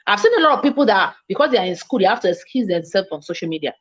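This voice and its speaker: A woman from Nigeria with a Nigerian English accent, giving a fast, emphatic, self-assured online mentoring talk as a coach. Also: mid-range voice, big pitch swings, lo-fi sound. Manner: speaks fast, by her own account.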